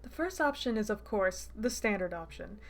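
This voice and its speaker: A woman's voice: medium pitch, lively intonation, moderate pace, soft background music, natural voice. A woman voicing a sadistic male captor with a teasing, purring manner while reading a visual novel aloud. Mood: mock-sweet. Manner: teasing, purring, lilting questions. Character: sadistic mock-sweet male captor, menacing.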